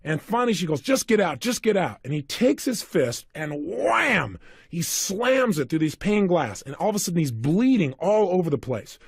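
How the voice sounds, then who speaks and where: A man delivers a motivational seminar talk in a high voice that leaps and swoops with expression. He spins stories and keeps turning to his listeners with questions. The sound is dry and close. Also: moderate pace, vocal fry, breathy edge, dry recording. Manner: animated storytelling with questions to the audience. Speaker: motivational speaker.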